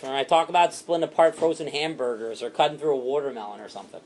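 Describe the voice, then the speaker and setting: A man training a sales team, animated and repetitive, acting out what to say to customers. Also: fairly high pitch, slight background noise. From Italian heritage. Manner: animated, fast and repetitive, acts out customer lines.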